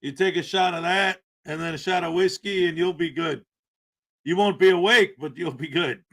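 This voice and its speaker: A man's voice: high voice, moderate pace. A man hosting a casual morning livestream, joking around and greeting viewers by name. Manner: jokey, playful, shouts out viewers by name. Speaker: livestream host. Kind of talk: casual live-chat greetings.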